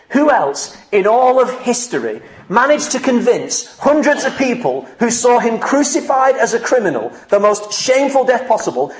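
Earnest high-voiced preacher, echoey room. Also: male voice. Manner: pleading and earnest, rising to fervent questions. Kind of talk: sermon.

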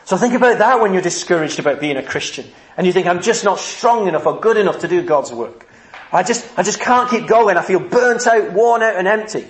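A man's voice: sits high, animated, a little fast. A man preaching a sermon, earnest and emphatic, acting out the people he quotes. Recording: echoey room.

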